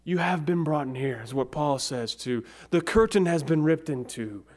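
A man preaching a sermon, slow and dramatic, his voice dropping to a near whisper on key words. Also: on the high side, lively intonation, darkish tone. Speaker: pastor.

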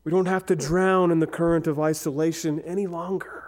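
A man preaching a sermon, slow and dramatic, his voice dropping to a near whisper on key words. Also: fairly high pitch, steady tone. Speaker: pastor.

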